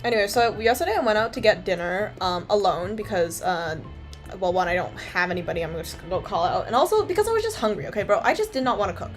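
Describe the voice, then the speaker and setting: A woman's voice: mid-range voice, lively intonation, fast talker, faint music behind. A young woman from Canada, chatting casually to her stream viewers in a rambling, filler-heavy way and swearing freely.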